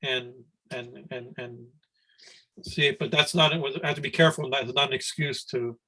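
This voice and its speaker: Middle-aged man teaching a scripture class on a video call, rambling and conversational, mid-pitched. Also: fairly even intonation, normal speed, sharp tone, rough recording. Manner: rambling, conversational, frequent "right?" and restarts. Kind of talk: spiritual discourse.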